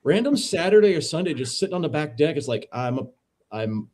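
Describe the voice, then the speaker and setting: A man, a veteran and podcast co-host, casually telling a story as a guest in a relaxed, profane, dude-heavy way. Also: on the high side, fairly quick. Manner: laid-back, profane, says dude a lot.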